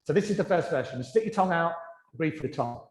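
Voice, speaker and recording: Male yoga teacher, fairly high voice, gentle encouraging cues, recorded in an echoey studio. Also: animated. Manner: gentle, encouraging cues, softening and slowing during breathing. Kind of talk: guided yoga class instruction.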